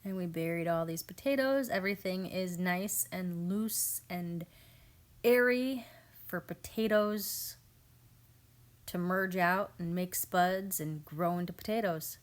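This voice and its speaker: A family homestead vlogger in her thirties narrates a home garden video in a lowish voice and at a slow pace. She's casual, amused, and chatty, often quoting what her family says.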